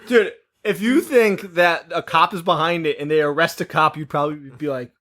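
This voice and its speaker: A man co-hosting a podcast, chatting casually about a horror film with quick interjections and frequent laughter. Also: a little high, bright, forceful tone. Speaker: podcast co-host. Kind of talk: casual movie chat.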